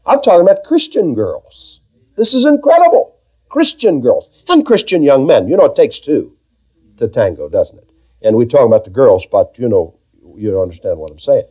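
Man, Bible class teacher, fairly high voice, soft quiet asides, muffled old recording. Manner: animated, drops to soft quiet asides, addresses listeners by name. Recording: dull lo-fi tape recording.

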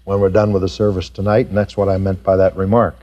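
A man preaching a sermon to his congregation, animated and rising high in pitch when he acts out doubters. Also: fast talker, muffled recording. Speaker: pastor. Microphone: pulpit mic recorded for tape.

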